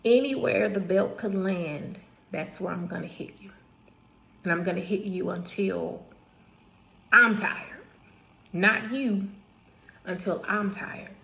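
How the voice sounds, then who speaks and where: A woman's voice: mid-range voice, slow pace, creaky, pauses often, sharp tone. A woman telling a personal story in a casual, emphatic way. She repeats phrases for weight, corrects herself and adds asides. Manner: repetitive, emphatic retelling with asides and restarts. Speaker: vlogger telling her own life story.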